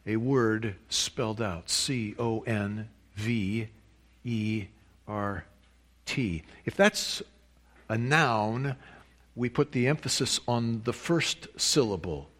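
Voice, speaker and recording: A man's voice: fairly low pitch, takes it slowly, a bit bright. A man preaching a sermon, reading a long quotation and stressing key words with emphatic rises. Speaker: pastor.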